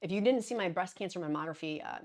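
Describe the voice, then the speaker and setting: Woman doing her daily vlog, kinda low voice, earnest and pep-talky, lots of restarts. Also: fast talker, darkish tone. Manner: earnest, emphatic and encouraging, with frequent restarts and laughs. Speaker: vlogger hosting a daily show. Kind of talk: casual direct-to-camera vlog talk.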